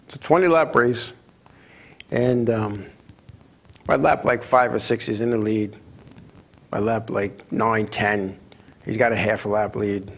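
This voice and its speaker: A man hosting a racing talk show, telling stories in a rambling, animated way, often stumbling over and repeating his words. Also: lowish voice, unhurried, long pauses. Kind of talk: casual talk-radio storytelling.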